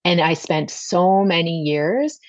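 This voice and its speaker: A woman's voice: on the low side, slow, no echo. A woman in her forties, a pediatrician guest, talking earnestly in a casual podcast chat. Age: 40s. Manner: earnest, chatty.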